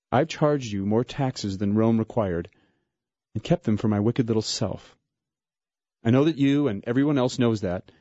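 A man voicing a short, remorseful tax collector in a dramatic story reading, earnest and quick-spoken. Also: medium pitch, dark tone, breathy edge, no echo, highs cut off.

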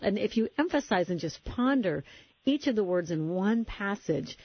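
Husky woman hosting on a dull recording. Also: mid-range voice, lively intonation, moderate pace. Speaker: host. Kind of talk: faith conversation interview.

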